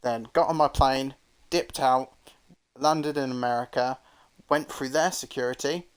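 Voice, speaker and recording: A man's voice: medium pitch, measured pace, smooth. A man from England, a co-host, recounting his flight step by step in a plain, repetitive, casual way. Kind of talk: casual chat.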